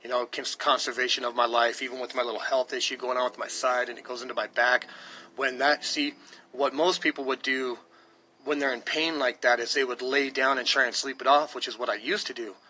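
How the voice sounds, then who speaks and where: Talking fast to his stream, this American man in his thirties swears a lot and thinks aloud in an emphatic, rambling monologue, his throat dry. His medium-pitched voice is pushed and bright with fairly even intonation, and the poor audio has a little hiss or hum.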